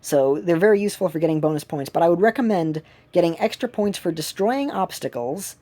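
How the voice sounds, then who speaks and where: Woman streamer, low and mellow, loose rambling play-along chat from home. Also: lively intonation, fairly quick. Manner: rambling, many fillers and restarts. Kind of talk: casual gameplay commentary.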